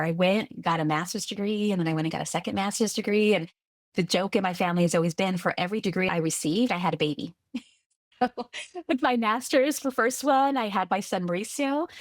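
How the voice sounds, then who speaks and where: A woman from California, a guest on a podcast interview, telling her story earnestly and with lively restarts. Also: mid-range voice, dry recording, clean studio sound. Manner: earnest, lively retelling with restarts and quoted voices. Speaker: guest, tech executive.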